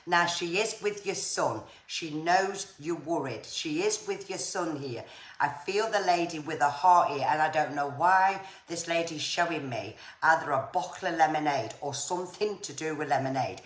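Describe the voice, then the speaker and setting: Low-voiced woman giving psychic readings. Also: moderate pace. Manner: chatty, reassuring, says viewers' names often. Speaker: psychic medium. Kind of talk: live-stream spirit readings. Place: home room on a live stream. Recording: echoey room with faint noise.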